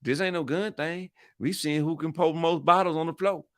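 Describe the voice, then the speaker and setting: On his own channel, a man with a slightly high voice and fairly even intonation speaks a little fast, captured at studio quality with no echo. He rambles loosely, leaning on slang, repeating himself and hyping things up for fun.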